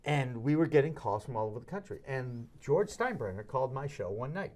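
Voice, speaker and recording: Animated middle-aged male sports talk host. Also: brisk. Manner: animated, jumps into high-pitched voices when quoting others. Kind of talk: casual sports talk storytelling.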